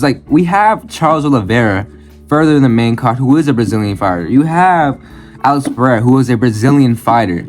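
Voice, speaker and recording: On his own channel, a man delivers blunt reaction commentary in a medium-pitched voice, talking a little fast with faint music in the background. He rants, swears freely, and repeats phrases in bursts.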